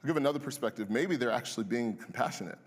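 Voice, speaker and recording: A man preaches in a mid-range voice, talking with the congregation more than at them and pausing for their answers. His words ring out with a long reverb that fills the large church auditorium. The sermon feels conversational and direct. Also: mid-range voice, husky. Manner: conversational, asks the congregation questions and waits for replies. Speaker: pastor.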